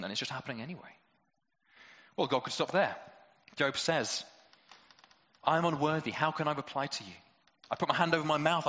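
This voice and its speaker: Bright-voiced male preacher in a hall. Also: mid-range voice, lo-fi sound. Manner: conversational, lots of rhetorical questions, playful asides. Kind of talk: sermon.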